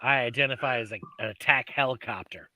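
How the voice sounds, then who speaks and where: A man in a casual online panel chat, speaking quietly and being self-deprecating. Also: medium pitch, quick pace, dry recording. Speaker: caller joining the panel.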